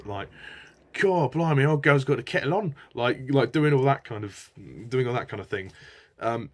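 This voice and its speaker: A man talks through a film review in a relaxed, off-the-cuff way. His voice sits a little low, and his enthusiasm keeps spilling into rambling, stop-start sentences. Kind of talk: casual spoken film review.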